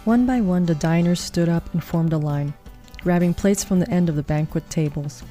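Woman with a low, mellow voice reading a story. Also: moderate pace, faint music behind. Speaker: narrator. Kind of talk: storybook narration.

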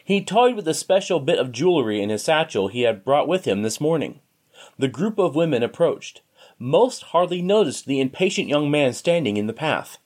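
A man reads a story aloud in a steady, expressive narration. His voice sits slightly high and moves with lively, animated pitch. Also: normal speed.

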